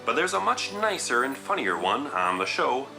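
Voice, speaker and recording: A man reading scripted entertainment news narration as a reporter, in a smooth, even newsreader delivery. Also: medium pitch, normal speed. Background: film soundtrack music.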